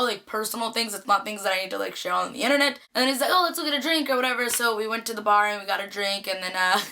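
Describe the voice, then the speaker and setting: A young woman from the Bay Area telling a casual storytime vlog, chatty and animated, full of "like" fillers. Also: medium pitch. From Bay Area, California. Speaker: vlogger.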